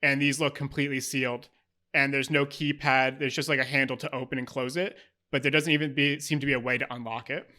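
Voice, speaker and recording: A man's voice: mid-range voice, level tone, quick pace, pushed and bright. A man narrating as game master of a tabletop game, describing scenes with many fillers.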